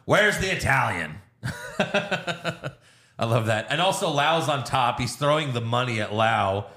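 This male podcast co-host recaps a movie one scene at a time, performing the dialogue and cursing without restraint. He speaks slowly in a mid-range voice with a fairly bright tone.

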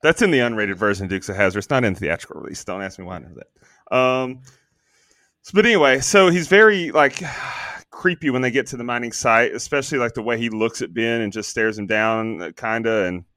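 A man's voice: medium pitch, brisk, sharp tone, no room sound, clean studio sound. A man casually chatting about a movie on a podcast, joking, rambling and swearing freely. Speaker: podcast co-host. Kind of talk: casual movie review chat.

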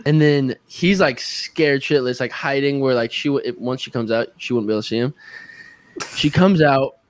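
A young man in his twenties, a guest musician on a podcast, telling an anecdote in a casual, animated way and acting out his own reactions. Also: mid-range voice, moderate pace, no room sound. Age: 20s. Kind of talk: casual chat, storytelling.

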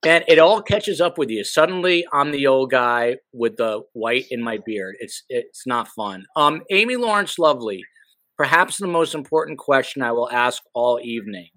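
A middle-aged man hosts a casual podcast, tossing in jokes and rambling asides at a middle pitch. His voice sounds close and dry, with no room echo. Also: lively intonation, moderate pace, a bit bright. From New Jersey. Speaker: podcast host.

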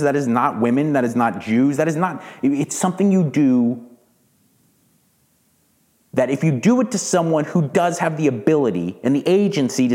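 A man's voice: medium pitch, darkish tone. Heated, profane male podcast host. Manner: heated, profane, repeats words when worked up. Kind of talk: ranting monologue.

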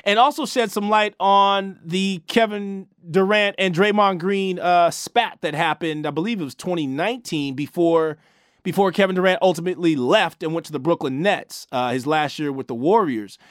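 Animated high-voiced sports talk host, man. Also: normal speed, smooth, no echo, studio quality. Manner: animated and emphatic, with frequent restarts and slang. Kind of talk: casual opinionated sports talk.

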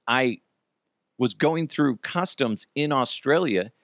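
Man, podcast host, casual storytelling, swears freely, animated, dry close sound. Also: medium pitch, no room sound. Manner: rambling, self-deprecating, swears freely.

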